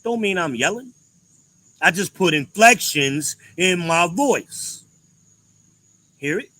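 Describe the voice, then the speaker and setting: A man on his own show rants in a blunt, profane way and leans hard on his inflections. His voice sits a little high, and the tone is bright and forceful. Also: expressive, slow pace, rough recording. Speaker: podcast host. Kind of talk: ranting commentary.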